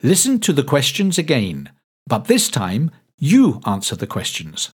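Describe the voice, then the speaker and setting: A man teaching pronunciation in a slow, clearly enunciated lesson narration, drawing out each word for listeners to repeat. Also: mid-range voice, huge pitch swings. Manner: deliberate, drawn-out modelling of words for repetition.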